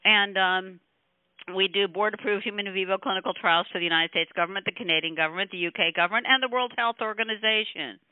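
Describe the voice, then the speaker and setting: A woman scientist telling the story behind her invention on a call, animated and laughing often, acting out quotes from other people. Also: mid-range voice, quick pace, no echo. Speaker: scientist guest. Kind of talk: phone call interview. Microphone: telephone. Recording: tinny phone line.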